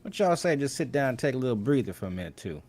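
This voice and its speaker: A man's voice: medium pitch, big pitch swings, darkish tone. A man playing a folksy, food-loving rabbit adventurer. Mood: coaxing. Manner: folksy, drawn-out savoring talk.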